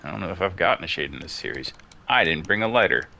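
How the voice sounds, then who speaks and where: A man's voice: deep voice, lively intonation, quick pace, vocal fry, pushed and bright, a little hiss or hum. A man chatting casually as he plays a ghost-hunting game, musing aloud and calling out questions to the ghost. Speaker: gamer streaming his play. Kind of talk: casual commentary while playing.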